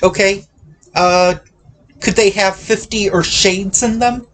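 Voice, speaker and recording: A man hosting a casual movie chat, talking haltingly with many restarts and hedges. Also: high voice, steady tone, a bit bright, slight background noise. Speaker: podcast host.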